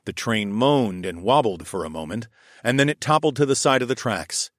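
A young adult man narrating a first-person adventure story in a steady storytelling voice. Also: moderate pace, dry recording, clean studio sound. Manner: steady storytelling, voicing his own lines louder and higher.

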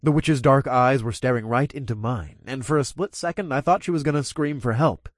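A man's voice: a little fast, no room sound. Man reading a first-person story, dry close sound. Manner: plays his own lines with a low growl. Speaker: narrator.

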